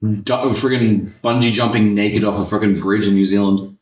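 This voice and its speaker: Deep-voiced man, swearing, echoey room. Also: fairly even intonation, normal speed, a little mellow. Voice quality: swears freely, laid-back storytelling. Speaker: podcast host. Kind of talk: casual chat. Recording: echoey room, distant mic.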